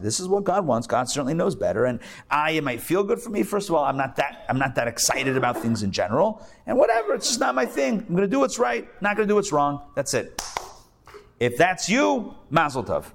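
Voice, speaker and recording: A man's voice: on the high side, gravelly. A man teaching a live class as a rabbi, talking conversationally and repeating phrases for emphasis. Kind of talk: live recorded lecture. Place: academy classroom before a live audience.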